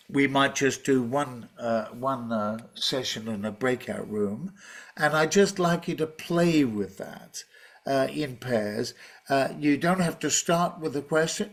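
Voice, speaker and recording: Chatty man leading an online teaching workshop. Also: on the high side. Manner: relaxed, chatty, with many fillers and restarts. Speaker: teacher trainer presenting a webinar. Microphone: video call.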